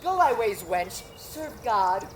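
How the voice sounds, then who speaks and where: A woman's voice: medium pitch, sing-song, slow, a little hiss or hum, low-quality recording. A woman playing a garrulous older nurse on stage, teasing and complaining with groans and laughs. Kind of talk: live stage acting.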